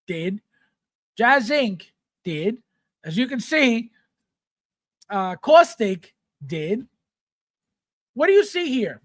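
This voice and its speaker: A man's voice: high voice, fairly bright tone, no room sound, studio quality. A middle-aged man hosting a live chat show, ranting bluntly, mocking fans in put-on voices, and swearing freely. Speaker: host.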